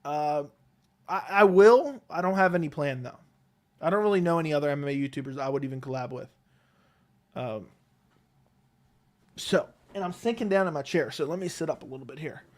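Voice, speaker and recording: A man hosting a casual live stream at home, reading chat questions and answering them in a relaxed, rambling way on a close desk mic. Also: a little high, fairly quick, long pauses. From Connecticut, USA. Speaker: MMA YouTube host reading live chat. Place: home, seated in a chair. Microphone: close desk microphone.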